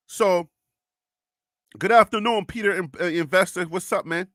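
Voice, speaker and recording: A young man with a high, bright, ringing voice hosts a casual sports live stream. He chats loosely, reads viewer comments aloud and laughs often. The recording is close and dry. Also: moderate pace, no echo.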